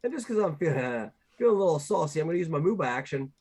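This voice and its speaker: A man's voice: on the high side, big pitch swings, fast talker, crowd noise. A man playing a tabletop game online, loopy and joking while on cold medicine. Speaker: player.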